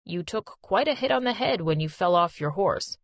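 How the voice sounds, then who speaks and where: A woman voicing an old white-haired male doctor with a firm, measured manner. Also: fairly low pitch, animated, gravelly, dry recording, voice pushed down.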